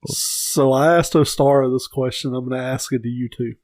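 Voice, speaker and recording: A man's voice: medium pitch, fairly even intonation, normal speed, a little mellow, dry recording. A man co-hosting a casual podcast, easygoing and posing playful hypothetical questions. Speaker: podcast co-host. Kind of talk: casual chat.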